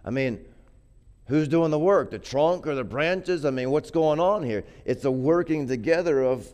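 A man's voice: a little high, normal speed, darkish tone, clear, resonant tone. A man preaching a sermon in a conversational way, often repeating words and building to emphatic peaks. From grew up poor.

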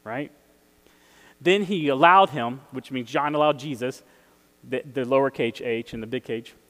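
A man's voice: mid-range voice, moderate pace, a bit bright. A man preaching a casual sermon, conversational and chuckling, putting questions to his listeners. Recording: hall with long reverb.

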